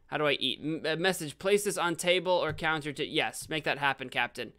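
Young man, game streamer, rambling, excitable outbursts, bright clear voice. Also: a little high, brisk. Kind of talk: live game stream commentary.

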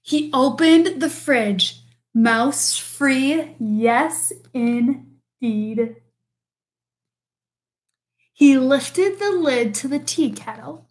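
Slow, expressive woman reading aloud. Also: high voice. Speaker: storybook reader. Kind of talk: reading a picture book aloud.

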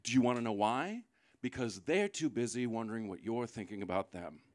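A man performing a live stand-up set, sarcastic and building into loud mocking rants. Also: medium pitch, animated, fairly quick. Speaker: stand-up comedian. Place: live comedy venue.

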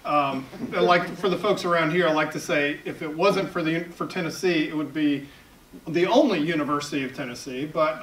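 A man's voice: a little high, fairly bright tone, a little hiss or hum. Southern man talking in an echoey hall. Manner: chatty, self-deprecating humor. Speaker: editorial cartoonist giving a talk. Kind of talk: public talk to an audience. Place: event hall at a library. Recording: echoey hall, picked up from far off.

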